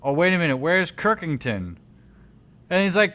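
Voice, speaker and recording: A man co-hosting a comedy podcast, riffing on a film as it plays. His voice is bright and forceful, and he keeps jumping into exaggerated, silly impressions of the characters. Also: medium pitch, normal speed. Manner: rowdy, joking, silly voices. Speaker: podcast co-host. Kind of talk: riffing movie commentary.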